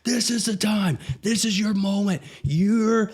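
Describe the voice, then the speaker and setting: A man's voice: high voice, measured pace, darkish tone, husky, pitched above the performer's own voice. A man doing a barking swim instructor. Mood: fired up. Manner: urgent, commanding.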